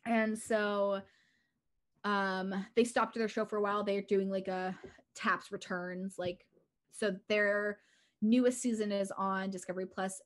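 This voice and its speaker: A woman's voice: mid-range voice, flat delivery, measured pace. A woman co-hosting an entertainment podcast, chatting casually and rambling with constant fillers. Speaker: podcast co-host. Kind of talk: casual chat.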